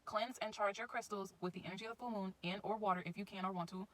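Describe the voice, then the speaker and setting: A woman's voice: medium pitch, steady tone, fast, fairly bright tone, poor audio. A woman giving casual spiritual advice in a chatty, informal vlog, often circling back to her points. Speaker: astrology vlogger.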